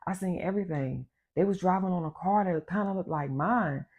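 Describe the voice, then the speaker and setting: A calm young woman friend murmurs low and insistent, as a woman storyteller puts her on. Her voice stays hushed and steady, urging rather than shouting. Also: brisk, breathy edge, narrow, tinny audio. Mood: hushed urgent.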